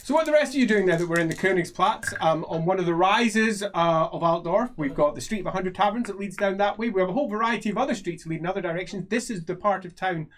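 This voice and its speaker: A man running a tabletop game as game master, playful and quick to laugh. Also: high voice, a little hiss or hum.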